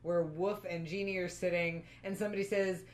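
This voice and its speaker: A co-host in a relaxed film chat, filling in plot details and references in a thoughtful way. The voice sits at a middle pitch. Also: fairly quick. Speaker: podcast co-host. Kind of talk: casual movie discussion.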